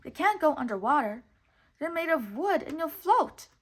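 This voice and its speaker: Jiminy Cricket, a shrill bossy little cricket, as a woman puts him on. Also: sing-song, normal speed. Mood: warning. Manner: high shouted urgency. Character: excitable little male cricket sidekick, bossy.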